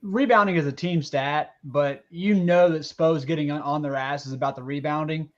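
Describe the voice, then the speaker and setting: A man on a sports betting panel who talks up his picks with excitement. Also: fairly high pitch, normal speed. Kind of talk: casual sports betting chat. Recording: dull lo-fi audio.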